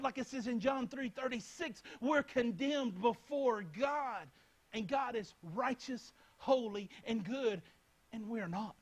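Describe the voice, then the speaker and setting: A man's voice: very high voice, rough recording. A young man preaching a Bible lesson, speaking earnestly and repeating phrases as he addresses his listeners directly. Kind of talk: Bible teaching talk.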